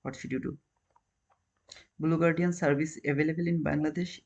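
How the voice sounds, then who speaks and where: Guy live trading stream, kinda high voice, english, earnest, keeps saying man and brother. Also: flat delivery, normal speed, darkish tone, highs cut off. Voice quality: non-native English, repeats phrases. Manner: earnest, questions viewers, calls them man and brother.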